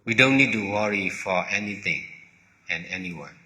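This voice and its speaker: A man whose first language is Burmese, giving a slow dharma talk in short, halting phrases, often repeating words. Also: lowish voice, lively intonation, pushed and bright. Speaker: monk teacher. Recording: long hall reverb.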